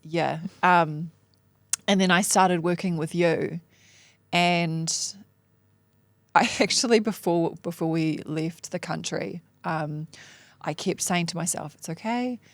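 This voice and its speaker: Frank, gravelly-voiced woman opening up. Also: lowish voice, steady tone, slow, dry recording. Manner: frank and self-deprecating, swears casually, laughs often. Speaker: coaching client, mom and entrepreneur. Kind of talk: candid podcast coaching conversation.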